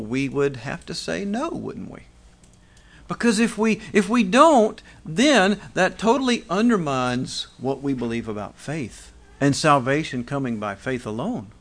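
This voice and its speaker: A man's voice: fairly high pitch, a bit bright. A middle-aged pastor preaching a conversational sermon, asking rhetorical questions and restarting phrases as he goes.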